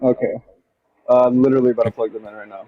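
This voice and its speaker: A man calling into a talk show, hurried and apologetic, on a muffled, dull line from far off. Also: mid-range voice, fairly even intonation. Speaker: caller.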